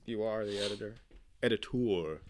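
A man co-hosting a podcast in relaxed conversation. He is blunt and jokey, with casual swearing and quick back-and-forth with his co-host. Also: medium pitch. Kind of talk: casual chat.

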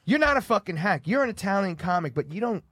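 Fast, excitable podcast co-host. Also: male voice, high-pitched, dry recording, clean studio sound. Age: 30s. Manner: crude, joking and excitable. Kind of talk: casual podcast banter.

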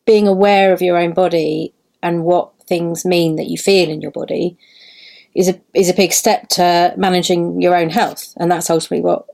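A woman who works as an osteopath, a podcast guest, explaining her work in a thoughtful, measured way. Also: fairly low pitch, steady tone, creaky, a little mellow. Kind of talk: casual conversation.

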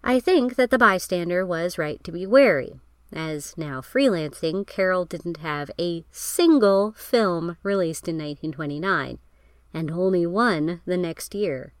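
A woman's voice: lowish voice, animated, measured pace, dry recording. Woman narrating film history, wry. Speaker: podcast host.

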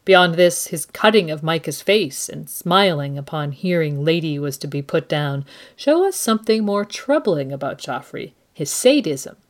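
A woman hosting a book podcast who analyzes the story and reads passages aloud in an expressive, measured way. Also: sits low. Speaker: podcast host. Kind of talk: book analysis and dramatic reading. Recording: long reverb, loud music behind.

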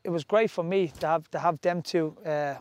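A man's voice: a little high, steady tone, moderate pace, a little mellow, no echo. A man from Ireland in his forties, a former footballer telling stories in casual chat, full of restarts and asides. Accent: Irish. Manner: rambling storytelling with restarts.

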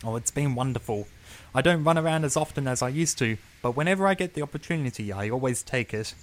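A man voicing a cheerful old male steam engine in a storybook reading, talking in brisk, chatty bursts. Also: mid-range voice, animated, a little hiss or hum, pitched above the performer's own voice, close to an everyday voice.

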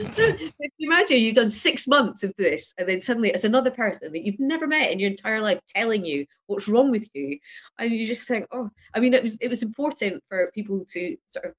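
A woman in casual chat as a guest on a video call, candid and quick to laugh, with the odd light swear. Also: fairly high pitch, expressive.

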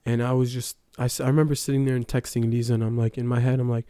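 A man's voice: mid-range voice, little pitch movement, racing, warm tone, smooth, no echo, studio quality. A young man giving a casual personal testimony, telling his story with lots of fillers like "um" and "like". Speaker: testimony speaker.

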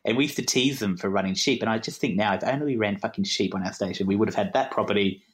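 A man's voice: lowish voice, quick pace. A young Australian man, a podcast guest telling a rambling, self-deprecating story with frequent laughs and asides. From Queensland, Australia. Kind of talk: casual conversational storytelling.

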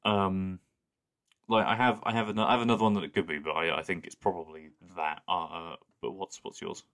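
A man's voice: low voice, fairly even intonation, a little fast, a bit bright. A man co-hosting a podcast in casual chat, easygoing and rambling, often restarting his sentences. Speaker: podcast co-host.

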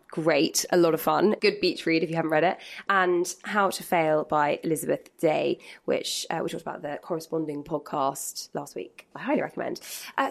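Lady hosting a podcast, lowish voice, moves things along. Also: creaky. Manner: steers the talk, brisk segment links. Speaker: podcast host. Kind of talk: casual chat.

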